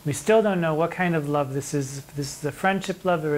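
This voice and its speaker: A middle-aged drag performer giving a theatrical, mock-indignant commentary on sonnets, reading the verse slowly between asides. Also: medium pitch, slight background noise, rough recording. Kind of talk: animated poetry commentary.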